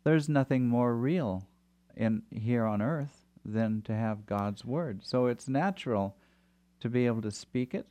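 A man's voice: medium pitch, measured pace, mellow. A man hosting a Christian talk conversation, affirming and reflective. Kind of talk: christian talk show chat.

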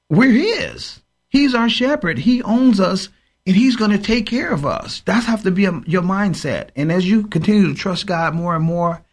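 A man's voice: fairly high pitch, breathy edge. A man co-hosting a Christian radio show, preaching emphatically and quoting scripture. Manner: emphatic, quotes scripture, exhorting.

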